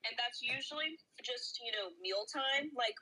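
A woman's voice: a little high, moderate pace, background noise. A young woman co-hosting a podcast in casual chat, rambling with many fillers while snacking. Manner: relaxed, rambling, lots of fillers. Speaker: podcast co-host.

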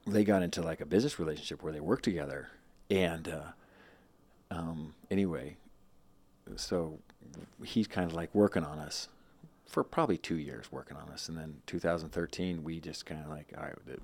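A man's voice: very deep voice, brisk, a little mellow. A man in his thirties telling a personal story in a casual interview, rambling with many restarts and quoted asides. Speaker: guest.

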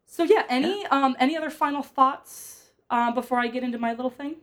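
A woman's voice: high voice, fairly quick. Laughing young woman hosting a film chat. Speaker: podcast host. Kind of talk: casual film discussion.

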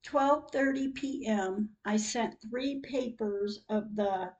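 A woman hosting a podcast, reading her diary entries aloud in a slow, earnest, heartfelt way. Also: a little high, a little mellow, rough recording.

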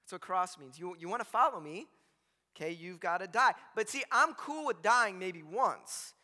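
Male pastor, high, sharp voice, chatty sermon delivery, reverberant sanctuary. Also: expressive, normal speed. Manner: conversational and joking, constantly checks in with "right?". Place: church sanctuary with a congregation. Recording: long reverb from a large hall.

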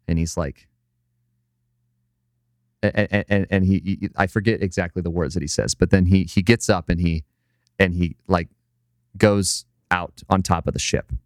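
A man's voice: deep voice, no echo, clean studio sound. A man in casual chat on a podcast, retelling an anime scene in a loose, profane, filler-heavy way. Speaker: podcast co-host.

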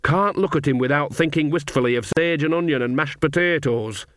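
A cheerful old witch who is earthy and bawdy, always chatting and teasing, as a man puts her on. The voice sits a little higher than a plain male voice and is recorded dry and close, with no room sound. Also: a little fast, a bit bright, dry recording, natural voice. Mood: chatty.

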